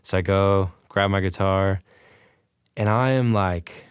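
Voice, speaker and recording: A man's voice: sits low, slow, clear, resonant tone, no room sound, studio quality. A man on a podcast, animatedly recounting a story and acting out the dialogue. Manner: excited, animated retelling with quoted dialogue. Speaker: podcast guest. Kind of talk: casual storytelling.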